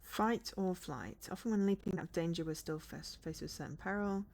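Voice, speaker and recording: Lower-pitched woman streaming a game. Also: moderate pace, vocal fry, darkish tone. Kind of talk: casual game commentary.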